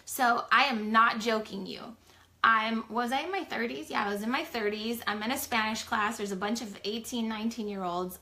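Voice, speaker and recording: Bright, chatty woman telling her story. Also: a little high. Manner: chatty, animated, heavy use of "like". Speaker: small business co-owner sharing her story. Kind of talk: casual storytelling live chat.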